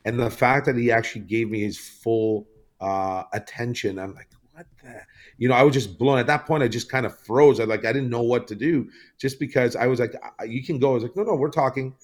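Speaking fairly quickly in a medium-pitched voice, a podcast guest from Canada winds through a lengthy story, restarting often and leaning on plenty of fillers in loose conversation.

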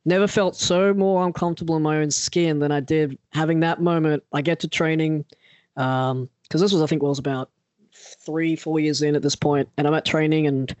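A man telling a personal story in casual chat as a podcast co-host, animated and acting out the people he quotes. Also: fairly high pitch, normal speed, smooth, dry recording. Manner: animated, acts out quoted voices.

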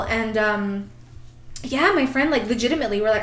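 A woman on a podcast telling a story in a casual, animated way, swearing freely and laughing often. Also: a little high, fairly quick, roomy sound. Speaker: podcast host.

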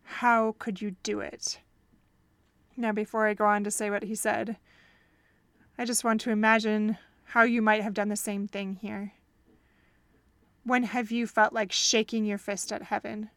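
This is a woman of middle pitch who tells a faith story with earnest warmth of conviction. She works as a counselor and hosts the podcast, pausing to ask her listeners reflective questions. Her voice is close and dry, with no room sound around it. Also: flat delivery, no echo.

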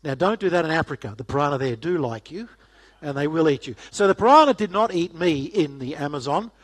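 A man's voice: on the high side, expressive, brisk. A middle-aged man giving a casual, joking talk to a church audience, often asking them questions. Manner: jokey, chatty, asks the audience questions. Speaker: guest speaker.

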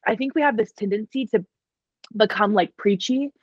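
A woman guest in a casual faith conversation, talking in a jokey, lively, self-deprecating way. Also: mid-range voice, moderate pace, no echo, highs cut off. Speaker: guest, online comedian.

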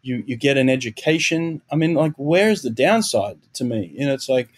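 A man's voice: mid-range voice, animated, moderate pace. A middle-aged Australian man, a former Olympic swimmer and coach, talking through his past in an earnest, reflective interview. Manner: earnest, reflective storytelling with repeated restarts. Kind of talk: conversational interview.

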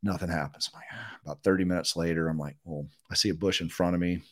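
A middle-aged man, a guest in a podcast interview, telling a long story in a casual, animated way and acting out what other people said. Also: sits low, fast. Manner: animated, acts out quotes of others.

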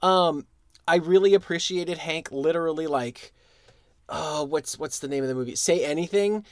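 A man's voice: fairly high pitch, moderate pace, clean tone, dry recording. A man co-hosting a podcast, laid-back and jokey, laughing often. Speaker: podcast co-host. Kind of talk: casual chat.

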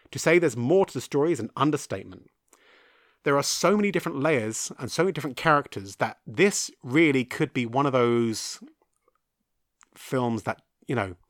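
Chatty film podcast host. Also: male voice, medium pitch, no room sound, clean studio sound. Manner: chatty, rambling, self-deprecating. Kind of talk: casual solo film review.

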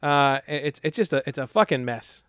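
A man's voice: mid-range voice, expressive, brisk, a bit bright, smooth, dry recording, studio quality. A man recapping a movie in casual comedic chat, swearing a lot and acting out the characters' lines. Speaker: podcast co-host.

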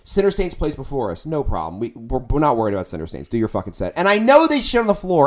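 His voice is mid-range, and he speaks fast with few pauses: a middle-aged musician telling a band story in casual podcast talk. The delivery is animated and profane as he acts out his own shouting.

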